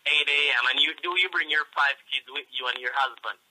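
Ranting Jamaican man, bright cutting voice. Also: on the high side, a little fast, low-quality recording. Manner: profane, threatening, ranting. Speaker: phone scammer. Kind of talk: angry phone call.

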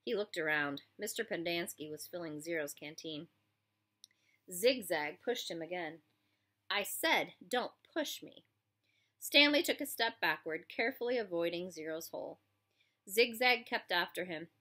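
Woman reading a novel aloud, bright and lively. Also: on the low side, normal speed. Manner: expressive storytelling. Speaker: reader.

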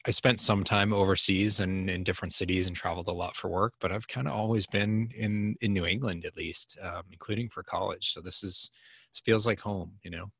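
A man from the Boston area, a podcast guest on a video call, chatting in a relaxed way with self-deprecating humor. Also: sits low, brisk, creaky, slightly rough, no room sound, studio quality. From Boston area, USA. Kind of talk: casual interview chat.

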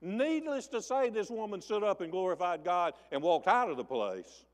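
An animated pastor speaks at a moderate pace in a church sanctuary with big-room sound. His sermon tells the story folksily, acting out its people's voices with large shifts in pitch and volume.

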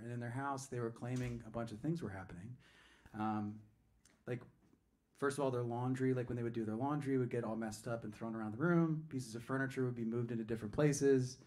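A man's voice: medium pitch, a little mellow. Chatty man telling a story between songs. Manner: chatty and digressive, self-interrupting, joking. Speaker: singer-songwriter performing live. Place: music venue stage.

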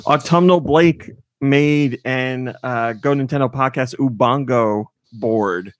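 A man hosts a podcast, chatting casually and rambling along with frequent fillers. His voice is medium in pitch and slow, and there's no room sound.

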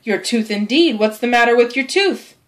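Aunt Polly, a woman doing a brisk scolding aunt. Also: fairly high pitch, lively intonation, natural voice. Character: Aunt Polly, stern but soft-hearted older aunt.

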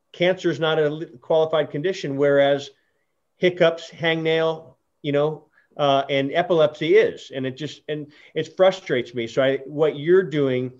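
A man's voice: fairly high pitch, darkish tone, lo-fi sound. A man hosting an interview, telling stories earnestly with many restarts and fillers. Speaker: host. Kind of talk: casual interview chat.

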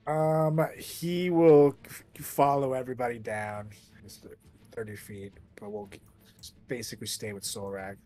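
A man playing in a tabletop game, speaking in a hesitant, halting way. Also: mid-range voice, steady tone, dark tone, soft background music. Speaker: player. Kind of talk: casual tabletop game play.

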